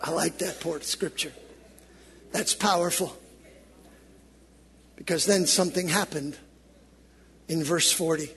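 A man preaching a sermon, sliding from hushed low storytelling to loud shouted peaks and having the congregation repeat lines after him. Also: unhurried, pauses often, in a large hall. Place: church.

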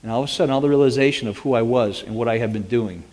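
A man recounts a dramatic personal story, switching into animated voices for the people in it. His voice sits at a middling pitch, and the long reverb of a large hall trails after each phrase. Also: very fast. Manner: animated, acts out quoted dialogue. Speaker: speaker giving a personal testimony.

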